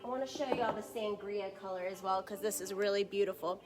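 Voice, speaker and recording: A woman's voice: medium pitch, steady tone, a little fast, music in the background. A woman hosting a live shoe showcase, chatty and upbeat, talking straight to viewers. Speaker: shoe store host.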